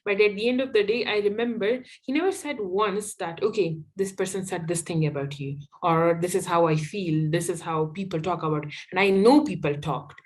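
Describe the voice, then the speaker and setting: A woman's voice: lowish voice, brisk, hardly any pauses. A young adult woman from Afghanistan, an activist guest telling personal stories in an interview, emphatic and candid, often restarting her phrases.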